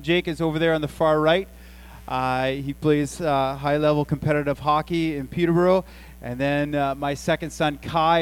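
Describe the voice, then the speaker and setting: A man's voice: a little high, smooth, rough recording. Chatty storytelling pastor, man. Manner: chatty, storytelling, animated asides. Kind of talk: sermon.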